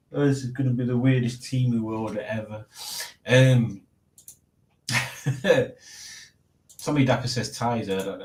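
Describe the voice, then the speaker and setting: A man's voice: medium pitch, darkish tone. A man hosting a casual livestream, rambling and chuckling to himself as he reads out chat messages. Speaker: livestream host. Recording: echoey room.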